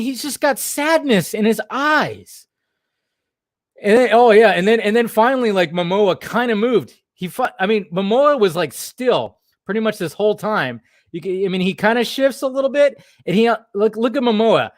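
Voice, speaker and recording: A man hosting an online show, giving casual running commentary on footage in an excitable, exclamatory way, with the odd curse thrown in. His voice sits a little high and swings widely in pitch. It sounds dry and close, with almost no room echo. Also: moderate pace. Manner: animated, exclamatory, swears freely.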